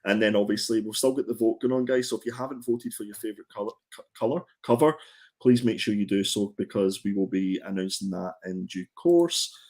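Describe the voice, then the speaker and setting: A man's voice: lowish voice, fairly quick, a little mellow. A man co-hosting a comics livestream, chatting casually in a rambling, joking way. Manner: chatty, rambling, joking, with frequent fillers and restarts. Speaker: co-host of a comics show.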